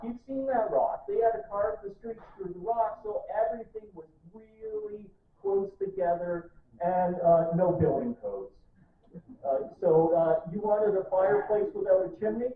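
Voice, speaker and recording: Guy, fairly high voice, joking history talk, sounds far off and tinny in an echoey room. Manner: playful, joking, draws the audience in. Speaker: author giving a public history talk. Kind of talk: lively public lecture. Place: library event room, live audience.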